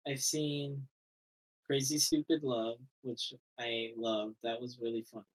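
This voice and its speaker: A man's voice: medium pitch, fairly even intonation, slow pace, low-quality recording. A man co-hosting a film podcast in casual chat, teasing and giggly, often restarting his sentences. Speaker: podcast co-host.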